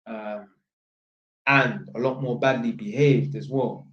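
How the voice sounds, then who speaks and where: A man's voice: mid-range voice, steady tone, slow, a bit bright. A young man with a London accent tells a story in casual street slang, ending almost every line with "innit". He acts out the voices of people he quotes as he goes. The recording sounds roomy and a little muffled. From England. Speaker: vlogger.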